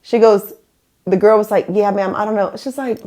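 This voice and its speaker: A woman's voice: mid-range voice, normal speed. Woman podcast host, casual storyteller who keeps slipping into voices. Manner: animated, acts out quoted people.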